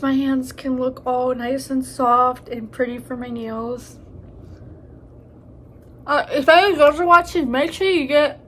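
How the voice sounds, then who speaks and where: A woman's voice: sits high, fairly bright tone, slight background noise. A young woman in a casual eating vlog, joking and crude, chatting between bites with a stuffy nose from allergies. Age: young adult. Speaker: vlogger. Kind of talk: casual mukbang chat.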